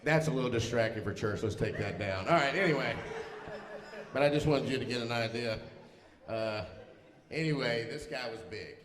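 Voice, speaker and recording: Speaking at a normal speed with a medium, slightly bright voice, a middle-aged pastor shares self-deprecating personal stories in a folksy, humorous sermon. The recording carries the roomy reverb of the church hall.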